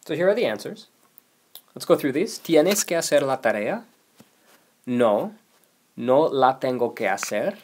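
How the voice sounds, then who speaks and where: A man's voice: mid-range voice, slight background noise. A man teaching a recorded video lesson, explaining rules patiently and reading example sentences aloud. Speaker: language teacher.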